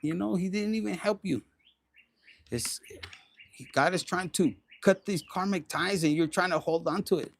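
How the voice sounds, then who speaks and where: A man doing a casual, animated tarot reading, swearing often and slipping into Spanish slang. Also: sits high, normal speed, creaky, pauses often. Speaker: tarot reader.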